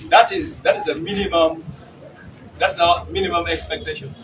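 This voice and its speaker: Ugandan party chairman at a press brief, fairly high voice, far from the mic amid noise. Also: fairly even intonation, normal speed. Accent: Ugandan English. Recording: noisy room from far off.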